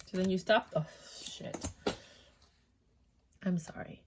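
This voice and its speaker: A woman's voice: fairly low pitch, takes it slowly, noisy background. A woman reading tarot in a chatty, loose way, swearing freely as she talks to her viewers. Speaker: tarot reader.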